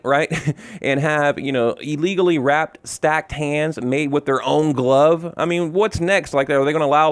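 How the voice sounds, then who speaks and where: A man rants about boxing in a heated, exasperated way, circling back and swearing as he goes. His voice sits a little high for a man, and the recording is dry and close. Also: dry recording. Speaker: boxing commentator. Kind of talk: ranting commentary.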